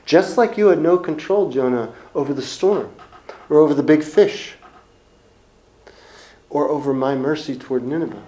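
A middle-aged man preaching a sermon in an earnest, reflective manner, pausing and repeating phrases. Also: a little high, warm tone.

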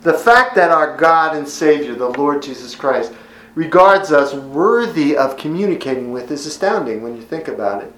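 A man preaching an expository sermon as pastor, teaching in a measured, earnest way and driving points home by repeating them. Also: a little high, animated, fairly bright tone, reverberant, low-quality recording.

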